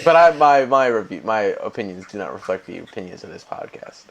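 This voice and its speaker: A man's voice: on the low side, sing-song, fairly quick. A man co-hosting a casual podcast, joking playfully and hamming it up. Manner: playful, jokey, slips into silly voices. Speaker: podcast co-host. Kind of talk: casual chat.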